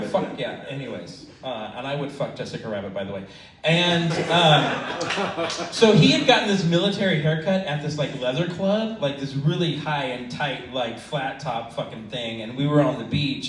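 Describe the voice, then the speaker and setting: A man's voice: fairly high pitch, slight background noise. A middle-aged man doing a stand-up comedy set at an open mic, telling crude stories in a rambling way with lots of fillers. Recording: echoey club from a distance. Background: audience laughter.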